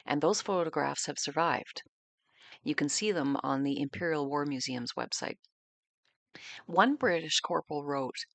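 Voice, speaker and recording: Female narrator, low and fry-edged, reflective scripted documentary read. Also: a bit bright, dry recording. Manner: measured, reflective storytelling. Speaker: podcast narrator.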